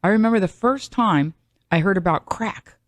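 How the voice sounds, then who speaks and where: A woman's voice: medium pitch, moderate pace, dry recording. A middle-aged woman hosting a podcast, talking in a chatty, rambling monologue full of self-mocking asides. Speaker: podcast host. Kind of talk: solo comedic monologue.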